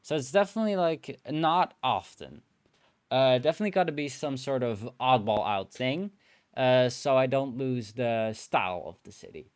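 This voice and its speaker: A man streaming a building game, musing aloud in relaxed commentary and filling pauses with hums and playful nonsense sounds. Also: medium pitch, clear, resonant tone, no room sound, clean studio sound. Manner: slow, musing talk to himself, hums and playful filler sounds.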